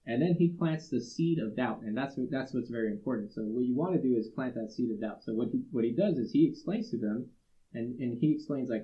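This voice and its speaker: A man's voice: medium pitch, brisk. Man co-hosting a podcast, muffled audio. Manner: retells a story from a book, many fillers and restarts. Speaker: podcast co-host. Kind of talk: casual podcast discussion, storytelling.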